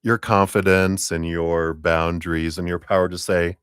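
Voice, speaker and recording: A man's voice: deep voice, level tone, moderate pace, a bit bright, clear, resonant tone, dry recording, clean studio sound. A man giving a live-streamed tarot reading to a viewer, chatty and rambling, who acts out the voices of the people he quotes. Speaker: tarot reader.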